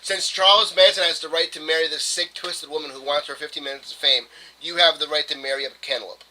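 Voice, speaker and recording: A podcast co-host argues in a heated, profane, mock-lecturing way during casual chat. His voice is fairly high, fairly even in intonation and sharp, and he talks fast. The recording is low quality with slight background noise.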